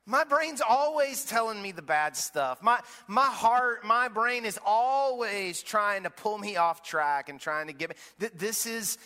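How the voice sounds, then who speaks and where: A man in his thirties preaching a sermon, his bright, forceful voice sitting a little high for a man. He tells his points like stories, circling back and restarting phrases as he goes. The sound rings with the long reverb of a large church hall. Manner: conversational storytelling preacher with restarts. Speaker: pastor. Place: church auditorium.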